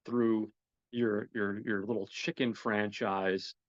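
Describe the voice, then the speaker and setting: A man's voice: fairly low pitch, steady tone, takes it slowly, dry recording, highs cut off. A man voicing an intimidating male gang leader who talks down to his victim. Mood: condescending.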